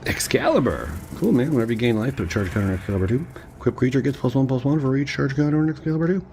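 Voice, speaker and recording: A man chatting casually to viewers as he opens card packs, rambling and excitable with slangy asides. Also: mid-range voice, racing, a little hiss or hum. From Cleveland area, Ohio. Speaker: card-opening streamer. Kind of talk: casual chat while opening card packs.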